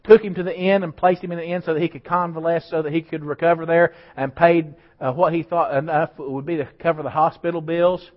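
A man's voice: on the high side, fairly quick, few pauses. Male pastor preaching. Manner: animated preaching with rising emphasis and asides to the congregation. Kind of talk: sermon. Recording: slightly dull lo-fi church recording.

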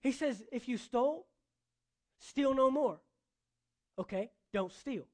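Male pastor, high voice, preaching with punchy repetition. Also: expressive, slow pace, a little mellow. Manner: emphatic, repeating phrases for effect. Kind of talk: sermon.

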